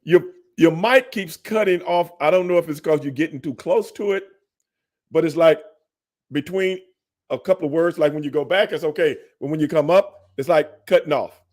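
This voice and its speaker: A relaxed man from Texas hosting a loose interview chat. He keeps tossing "man" and "you know what I'm saying" into his talk, and his voice sits a touch higher than most men's. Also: moderate pace. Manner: laid-back, peppers talk with "man". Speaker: podcast host.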